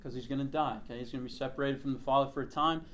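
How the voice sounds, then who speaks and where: A man teaching a Bible lesson to a small group. He reads scripture aloud slowly, then explains it in a conversational way, often checking in with "okay?". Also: mid-range voice, fairly even intonation, a bit bright.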